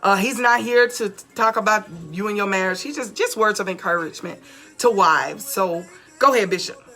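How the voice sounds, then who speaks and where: A woman's voice: medium pitch, fairly quick, faint music behind. A woman pastor hosting a live stream, talking energetically and straight to viewers with encouragement for wives. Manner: energetic, exhorting, talks to viewers directly. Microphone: phone or camera on live stream.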